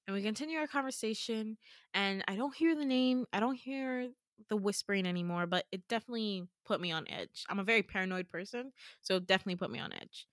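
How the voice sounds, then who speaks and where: Woman podcast host, mid-pitched, casual and profane storyteller, dry close recording. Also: fast, dry recording. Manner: chatty, profane, animated retelling.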